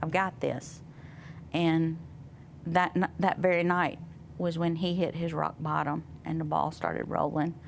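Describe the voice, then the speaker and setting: A woman guest sharing a personal testimony in conversation, soft and reflective, pausing often. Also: deep voice, little pitch movement, creaky, slight background noise. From Southern United States. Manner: soft, reflective, with many pauses and fillers. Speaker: interview guest.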